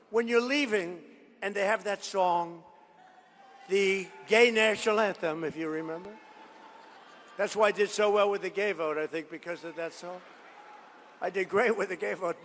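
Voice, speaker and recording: A man delivers a rally speech in a fairly high, gravelly voice. He drifts into long stories and boastful asides, hammering his points home by repeating them. His voice rings out with the long reverb of a large hall. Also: fairly bright tone. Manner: rambling storytelling with boastful asides; repetitive, emphatic phrasing. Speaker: politician addressing a rally. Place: large event venue.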